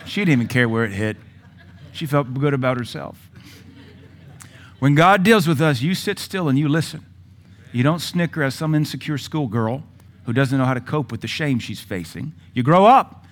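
Forceful male preacher, loud then hushed. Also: medium pitch, lively intonation, normal speed. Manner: forceful preaching with sudden loud rises and quiet drops. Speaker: pastor. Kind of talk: sermon.

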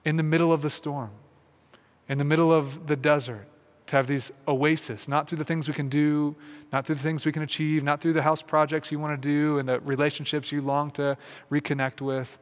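A man giving a reflective, earnest sermon, often restarting phrases and slowing into soft, quiet pauses. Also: on the high side, level tone, in a large hall. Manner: earnest and searching, with many restarts and slow, softened pauses. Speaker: pastor.

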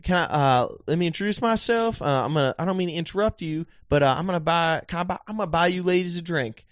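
Man doing a high, formal Southern charmer, polite to a fault. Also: fast, no echo, studio quality, close to an everyday voice. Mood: courteous. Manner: smooth, formal pickup lines.

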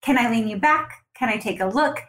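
A woman's voice: on the high side, fairly quick, rough recording. A woman guest on an interview podcast, energetically coaching dental teams and acting out conversations with patients. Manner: energetic, acts out dialogues with patients. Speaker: guest, dental practice consultant.

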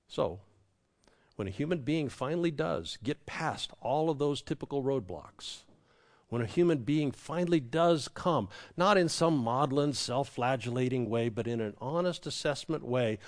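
A man preaching a reflective sermon, with a repeating cadence and a quiet hush on key words. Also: medium pitch, lively intonation, a little slow. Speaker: pastor.

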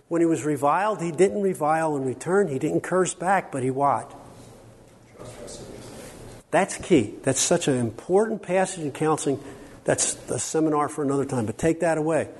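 A middle-aged man teaching a workshop on counseling to a live audience. He talks in an animated, joking way and quizzes the listeners with questions. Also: on the high side, husky. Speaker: workshop speaker on biblical counseling. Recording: long hall reverb, faint background noise.

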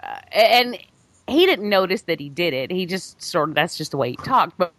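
Woman on a movie podcast, lowish voice, dry close sound, rambles and laughs a lot. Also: sing-song, normal speed, fairly bright tone, no room sound. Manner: rambling, laughs often, many restarts. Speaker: podcast co-host. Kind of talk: casual chat about films.

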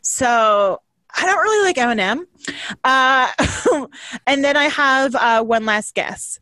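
A woman's voice: sits high, lively intonation, takes it slowly, sharp tone, dry recording. Chatty woman with a dry close voice. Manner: chatty, laughs often, trails off. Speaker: podcast co-host. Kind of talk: casual chat.

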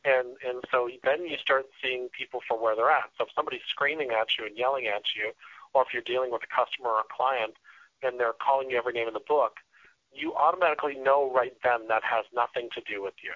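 A man talking earnestly as a radio guest, often restarting and filling pauses as he explains his ideas. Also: medium pitch, no room sound. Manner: earnest, with frequent restarts and fillers. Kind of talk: casual interview talk. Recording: dull lo-fi radio sound.

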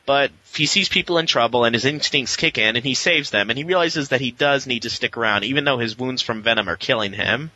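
A man co-hosting a podcast, recapping and reviewing comic book issues in a casual, rambling way and jumping into quick voices for the characters. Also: mid-range voice, pushed and bright, muffled recording. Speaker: podcast co-host.

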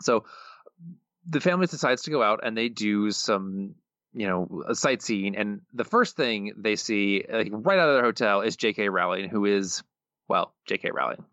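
A man's voice: lowish voice, animated, moderate pace, fairly bright tone, dry recording. A man co-hosting a podcast, loosely recapping plot with many fillers. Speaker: podcast co-host. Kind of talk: casual chat. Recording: dull, dry podcast mic.

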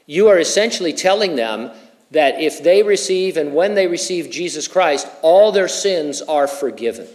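A middle-aged male pastor teaching through scripture in a relaxed, conversational sermon. His voice sits a little on the high side for a man, and he drops in light, joking asides between his points. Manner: conversational, with humorous personal asides. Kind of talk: expository sermon.

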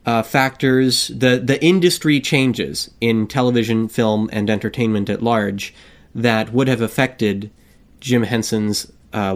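A man co-hosting a casual podcast, joking and self-deprecating, with a rambling delivery full of fillers. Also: medium pitch. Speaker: podcast co-host.

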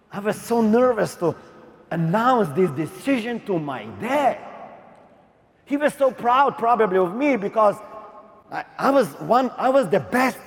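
A young man from Slovenia giving a dramatic motivational stage talk, with emphatic outbursts and long pauses. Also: sits high. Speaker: motivational speaker. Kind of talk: stage speech telling a personal story. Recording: reverberant hall.

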